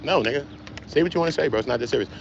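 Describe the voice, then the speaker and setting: A man's voice: mid-range voice, rapid-fire, creaky, lo-fi sound, slight background noise. Slangy man ranting to his stream chat. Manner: animated, slangy, talks straight to chat. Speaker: livestream host. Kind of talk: casual livestream chat.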